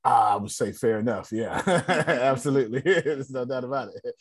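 A man's voice: medium pitch, normal speed, husky, no room sound. A man hosting a group call, affirming others and laughing easily, often repeating his words.

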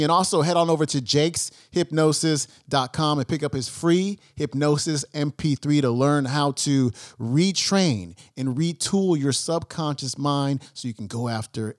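A man's voice: fairly high pitch, dry recording, clean studio sound. A male podcast host giving a punchy, upbeat sign-off at the end of an episode. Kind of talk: podcast outro.

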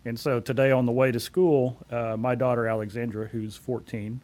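A man in his forties, a company CEO, being interviewed and telling anecdotes in a relaxed way with frequent fillers. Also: mid-range voice, normal speed. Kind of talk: conversational storytelling.

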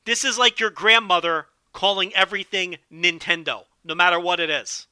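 A man hosting a solo podcast with animated, profane, joking commentary. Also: high voice, normal speed, clear, resonant tone, no room sound, studio quality. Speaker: podcast host.

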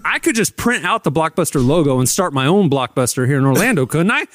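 A man's voice: a little high, sing-song, quick pace. A man co-hosting a podcast in casual chat, joking and teasing. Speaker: podcast co-host.

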